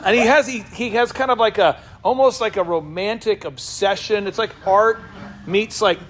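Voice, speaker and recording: A man hosting a business talk show, joking and firing quick questions at the people in the room. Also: high voice. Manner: animated, jokey, quick asides to the room. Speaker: business coach and show host. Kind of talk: lively talk to a live room.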